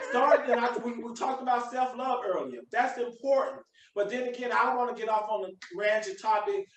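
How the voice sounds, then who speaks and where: A man with a high, bright-pitched voice hosts a live video podcast and preaches his motivational message with emphasis. He sounds set back from the mic, and his voice rings around an echoey room. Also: normal speed, far from the mic. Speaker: podcast host.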